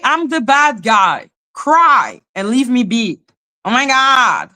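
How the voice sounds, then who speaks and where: A woman rants on a livestream with a blunt, profane, taunting delivery. Her voice is bright and cutting, pitched somewhat high, and she takes her time with the words. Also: sing-song, slow pace. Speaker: livestream host. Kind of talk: confrontational live-stream rant.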